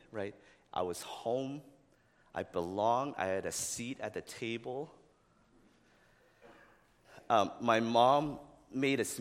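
A man preaching a sermon in a casual, conversational way, often tagging "right?" onto his points and growing loud and animated as he retells the story. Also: lowish voice, in a large hall. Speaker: pastor.

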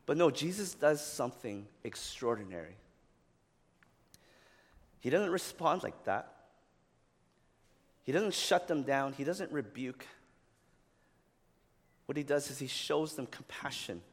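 A pastor with a voice on the higher side delivers a sermon, casual and chatty, checking in with "right?" and rising into loud, animated retelling. His words ring out with a long hall reverb. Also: normal speed, long pauses. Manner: conversational, often adds "right?"; grows loud and animated when retelling the story.

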